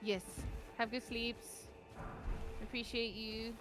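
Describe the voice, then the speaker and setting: A woman's voice: fairly high pitch, little pitch movement. A woman playing a video game with a friend, trading quips in casual chat. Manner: slow, giggly, dry quips. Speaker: co-op gaming guest. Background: game music.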